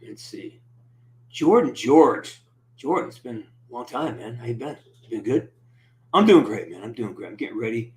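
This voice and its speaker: A man chats his way through a live stream with a middle-pitched voice. He greets each viewer by name and rambles from topic to topic, keeping the mood upbeat. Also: expressive, normal speed, dark tone, slight background noise. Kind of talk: casual live-stream chat.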